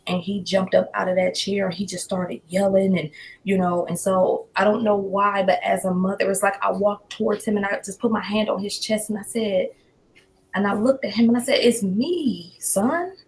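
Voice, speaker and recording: A woman's voice: mid-range voice, little pitch movement, fairly quick, low-quality recording. A woman giving an emotional personal account as a guest, her voice climbing and breaking. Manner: intense, voice rising to near shouts and breaking. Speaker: guest telling her story.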